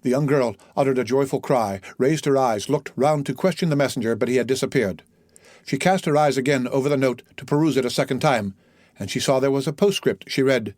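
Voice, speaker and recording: Dry, measured male audiobook narrator. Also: medium pitch, darkish tone, dry recording. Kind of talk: scripted narration of a classic novel.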